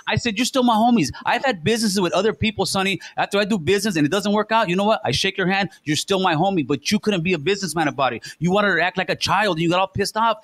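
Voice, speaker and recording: A man's voice: high voice, fairly bright tone, no echo. A man hosting a talk show, accusing and profane, repeating himself in a heated argument. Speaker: podcast host. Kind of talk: heated confrontation.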